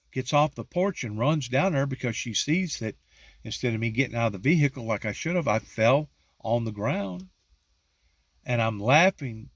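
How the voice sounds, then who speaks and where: Slow-telling man with a drawl. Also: medium pitch, no echo. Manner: slow, drawn-out storytelling with rising emphatic peaks. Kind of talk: personal testimony storytelling.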